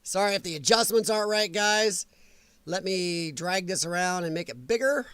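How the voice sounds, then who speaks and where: A man hosting a casual live-stream chat from his computer, rambling and grumbling about a software update. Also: high-pitched, lively intonation, normal speed, clean tone, no echo.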